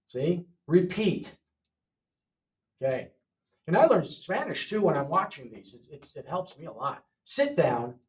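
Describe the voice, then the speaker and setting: A man's voice: on the high side, very animated, unhurried, pauses often, distant mic. A man teaching an English lesson. He repeats each word for learners and often checks in with "okay?". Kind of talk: classroom lesson walkthrough.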